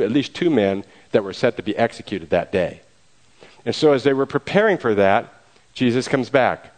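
Man preaching a lively story sermon. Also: mid-range voice, rough recording. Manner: lively retelling with acted quotes.

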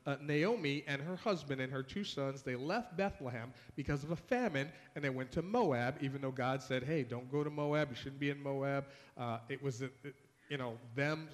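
A man's voice: medium pitch, long reverb tail. A man giving a conversational sermon, retelling scripture in everyday words and acting out the people in it. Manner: conversational preaching with casual asides, acting out voices of biblical figures. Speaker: pastor.

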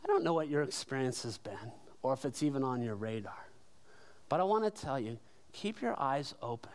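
A man's voice: medium pitch, lively intonation, moderate pace. A man preaching a sermon as pastor, conversational and emphatic, with rhetorical questions to the congregation.

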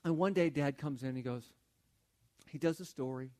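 A man's voice: mid-range voice, normal speed, darkish tone. A man preaching a sermon in a conversational way, often repeating words as he tells a story. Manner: conversational, repeats words while building a point. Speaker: pastor.

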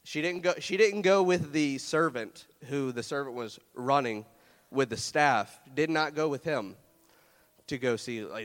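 A man's voice: medium pitch, a little slow. A young man preaching a sermon in a loose, conversational way, earnest and close to tears as he shares a personal story. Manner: earnest, emotional, fighting tears; loose, conversational, many fillers and restarts. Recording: long hall reverb.

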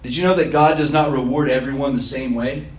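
A man's voice: mid-range voice, steady tone, fairly quick. A man preaching a sermon as pastor, passionate and acting out prayers and imagined quotes, recorded in a church. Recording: roomy, from a distance.

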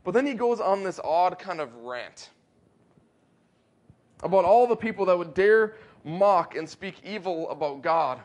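A man with a high, light voice delivers a sermon. He preaches with earnest conviction, building to emphatic high points and slowing down on the words he wants to land. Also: animated. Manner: earnest preaching, rising emphatic peaks, slows for weight. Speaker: pastor.

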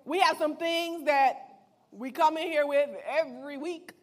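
A woman's voice: sits high, measured pace. A woman giving a casual, playful sermon, reading scripture and retelling it in slang. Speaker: preacher.

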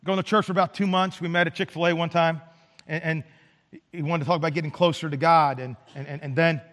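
A man's voice: a little high, steady tone, fast talker, a bit bright, long reverb tail, slight background noise. A male pastor preaching a sermon in a casual, conversational way, often repeating words and asking "right?". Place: church sanctuary.

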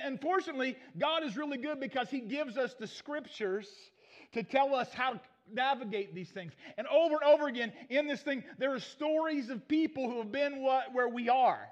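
A male preacher, retelling Bible stories in a lively sermon and acting out the characters in folksy voices. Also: extremely high pitch. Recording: dull muffled recording.

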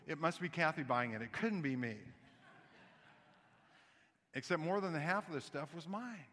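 Man preaching in a church, high and bright, animated storytelling with asides, long hall reverb. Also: normal speed, long pauses. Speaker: pastor. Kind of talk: sermon.

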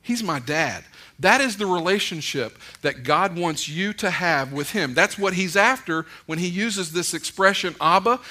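A man preaching a relaxed, conversational sermon with a bright, forceful tone and a slightly high voice. He is middle-aged and folksy, weaving stories with gentle humor into his preaching. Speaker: pastor.

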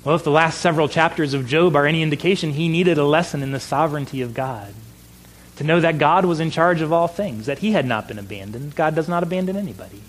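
A middle-aged man preaching a sermon in an earnest voice, slowing down for emphasis. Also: fairly high pitch, low-quality recording. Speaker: pastor.

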